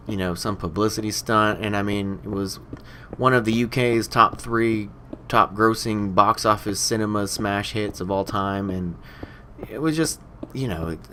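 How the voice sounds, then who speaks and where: A young man with a lowish, sharp-toned voice hosts a game let's play over slight background noise. Chatting casually as he plays, he rambles and fills his commentary with lots of "you know."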